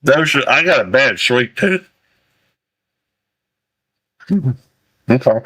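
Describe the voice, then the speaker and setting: A man hosts a casual livestream while he eats, his voice bright and forward at an ordinary middle pitch. He rambles, stalls on fillers and circles back over his own words. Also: animated, slightly rough, low-quality recording. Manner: rambling, halting, full of fillers. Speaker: livestream host.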